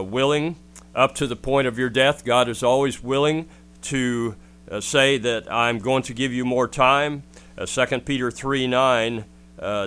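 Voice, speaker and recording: Earnest preacher man, smooth resonant voice. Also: mid-range voice, fairly bright tone. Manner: earnest, pleading exhortation with scripture readings. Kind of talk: radio sermon.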